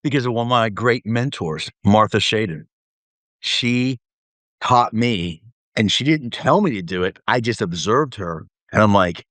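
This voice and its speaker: A middle-aged man spins a lively story for a podcast interview. He slips into the voices of the people he quotes. His voice sits at a medium pitch and sounds close and dry, with no room around it. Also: moderate pace, no echo. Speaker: podcast guest.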